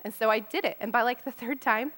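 Talking fast in a slightly high, fairly bright voice, a thirty-something woman addresses mothers with an earnest, personal sermon. She keeps it casual and conversational, laughing often.

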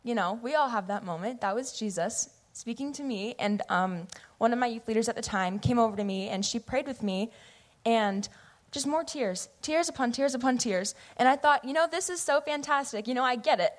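A young woman in her late teens from the US Pacific Northwest, giving an earnest, animated personal testimony into a church microphone. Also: a little high, normal speed. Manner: earnest, animated, acts out her past self in quotes. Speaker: youth member giving testimony. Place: church sanctuary. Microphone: microphone at a pulpit or stage.

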